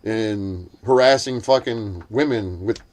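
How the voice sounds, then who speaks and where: A man speaking at a slow pace with a darkish tone tells a heated story in casual chat. He swears throughout and acts out what others said, quoting them in a shrill voice.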